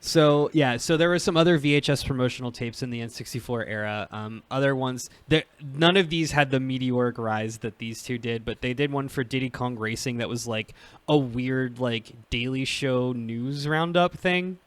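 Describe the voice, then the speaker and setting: A man in his thirties hosts a podcast in loose, rambling chat, with plenty of fillers and laughs throughout. His voice sits at a middle pitch and is recorded close and dry, with no room sound. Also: normal speed, clear, resonant tone, no echo. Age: 30s. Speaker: podcast host. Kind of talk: casual chat.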